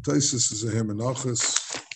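A man teaching a Talmud class, halting and repeating words as he searches for them. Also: medium pitch, fairly even intonation, noisy background.

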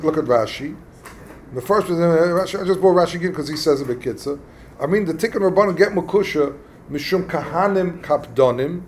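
A man teaching a casual text study lesson, explaining passages in a halting, conversational way and acting out quarrels. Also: on the high side, a little hiss or hum. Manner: halting, explains texts plainly and acts out quarrels. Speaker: religious teacher.

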